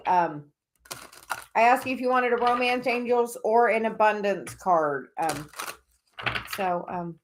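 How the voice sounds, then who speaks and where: A woman's voice: a little high, fairly bright tone, slight background noise. A woman giving oracle card readings on a casual livestream, rambling with many fillers and restarts.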